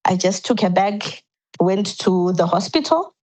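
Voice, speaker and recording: A woman's voice: mid-range voice, expressive, measured pace, darkish tone, poor audio. A woman as a podcast guest, earnestly recounting a painful personal story step by step, often restarting her sentences.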